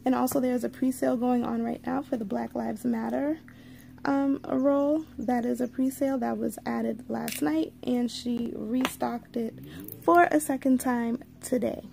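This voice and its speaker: A woman hosts a relaxed live stream, taking her time and greeting each viewer by name. Her voice sits a little high but has a mellow, darker tone with a gravelly edge. She talks in an easygoing, drawn-out way, full of asides. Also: a little hiss or hum. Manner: slow, drawn-out delivery with frequent asides. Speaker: livestream host. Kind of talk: casual live unboxing chat.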